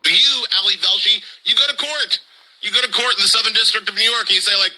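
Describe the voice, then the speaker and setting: A man's voice: high-pitched, quick pace, pushed and bright, breathy edge, poor audio. A man commenting on the news in a sarcastic tone, building mock hypotheticals. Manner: sarcastic, acts out quoted voices.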